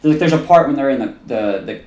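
A man co-hosting a casual movie podcast, telling stories in an animated way, acting out quotes and swearing often. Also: medium pitch, fast talker. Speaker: podcast co-host. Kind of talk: casual chat. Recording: roomy echo.

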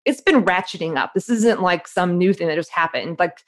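Woman in her forties, author guest, lively storyteller, slightly low voice, fast bursts of speech. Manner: animated, quick storyteller who acts out her inner voice. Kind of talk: conversational interview.

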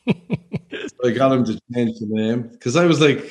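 An Irish man, a stand-up comedian, telling anecdotes in casual chat with stammering restarts and low flat impressions of other people. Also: slow, long pauses. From Ireland.

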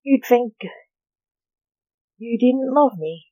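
A woman's voice: a little high, animated, normal speed, no echo, lo-fi sound, voice pushed up. A woman reading the lines of a sarcastic, teasing young adult male superhero, the son, in an author's audiobook reading.

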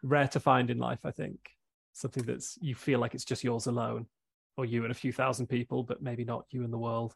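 Gravelly husky man hosting a podcast. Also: medium pitch, little pitch movement, a little fast. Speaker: podcast host. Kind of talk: casual interview chat.

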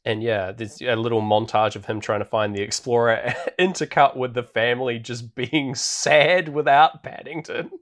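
A man co-hosting a podcast, recapping a film in a relaxed, rambling way with plenty of fillers. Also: medium pitch, normal speed, few pauses. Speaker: podcast co-host. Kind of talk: casual film recap chat. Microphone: podcast microphone.

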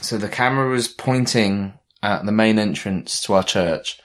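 A young man with a low, grounded voice spins a story in a loose, conversational way. He wanders through fillers and restarts as he goes, and the tone stays relaxed and unscripted. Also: normal speed. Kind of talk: casual chat.

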